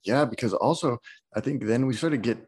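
A man's voice: medium pitch, brisk, darkish tone, husky. A man interviewing a guest, asking questions and pushing back with wry, joking examples. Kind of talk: conversational interview.

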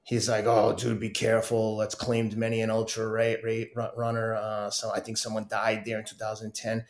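A middle-aged man telling his story as a podcast guest, animated and often laughing as he acts out what others said. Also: on the low side, moderate pace, roomy sound. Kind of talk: casual storytelling interview.

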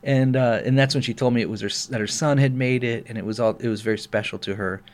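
Man telling a story with animated quoted voices. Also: medium pitch, fast talker. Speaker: pastor. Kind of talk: storytelling in casual podcast chat.

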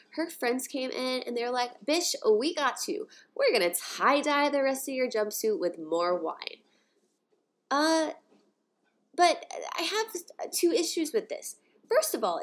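Chatty, sarcastic young woman. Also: on the high side. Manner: chatty and sarcastic, with animated asides. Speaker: podcast host. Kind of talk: casual commentary on articles.

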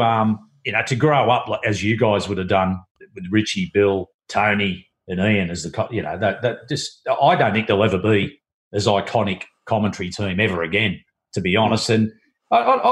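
A man's voice: lowish voice, sing-song, brisk. Rambling man reminiscing. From Australia. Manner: rambling, many restarts and fillers. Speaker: guest, former cricketer and TV producer. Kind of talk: casual storytelling.

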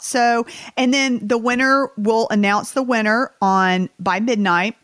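A woman's voice: on the high side, a little slow, few pauses, no room sound, studio quality. A woman with a Southern US accent, co-hosting a podcast in casual, chatty talk. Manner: chatty, animated, a little bitter. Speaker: podcast co-host. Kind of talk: casual chat.

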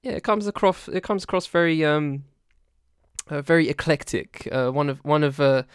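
Smooth-voiced man groping for words. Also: a little high, no room sound, clean studio sound. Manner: halting, searching for words, laughs often. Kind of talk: casual music discussion.

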